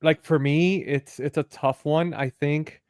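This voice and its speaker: A man's voice: fairly high pitch, fairly even intonation, a little mellow, smooth, dry recording. Hesitant man with a dry close sound. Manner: halting, hesitant questions with many fillers. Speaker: podcast host. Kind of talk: casual chat.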